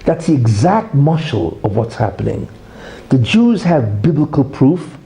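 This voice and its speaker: A man teaches as a rabbi in an emphatic lecture, tagging point after point with "right?" and "you see". His voice is very dark and mellow, yet his pitch leaps around in a lively, animated way. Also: unhurried, vocal fry, rough recording. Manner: teaches through a parable, acting out the quarrel in raised voices. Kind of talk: religious lecture.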